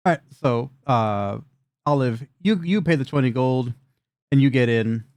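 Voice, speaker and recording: A man's voice: mid-range voice, darkish tone, dry recording. A man narrating as dungeon master, describing scenes in a loose, chatty way over a video call. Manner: loose, chatty narration with quick voiced asides.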